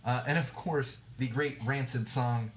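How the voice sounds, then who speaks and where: A man's voice: medium pitch, steady tone, measured pace, a little hiss or hum. A man hosting a podcast, ranting casually and bluntly, with plenty of swearing, fillers and restarts. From United States. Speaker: podcast host. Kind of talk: casual solo rant. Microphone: livestream mic.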